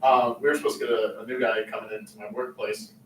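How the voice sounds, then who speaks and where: Animated swearing man, off-mic in room. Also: medium pitch, fast talker, far from the mic. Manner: animated storyteller, acts out quotes, swears freely. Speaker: podcast co-host. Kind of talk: casual chat among friends. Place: room at a casual drinking podcast. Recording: roomy, off-mic with faint background noise.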